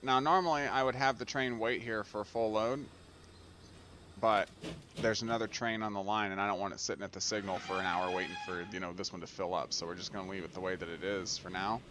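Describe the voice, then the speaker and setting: A man hosting a let's play video, giving excitable gameplay commentary, gushing and laughing often. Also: on the low side, brisk, background noise.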